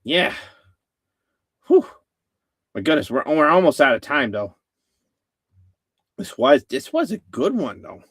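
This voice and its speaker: A man's voice: on the high side, wildly swooping pitch, slow pace, pauses often, a bit bright, slightly rough, dry recording, clean studio sound. A man hosting a casual live-stream chat, rambling with many fillers and restarts. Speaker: host.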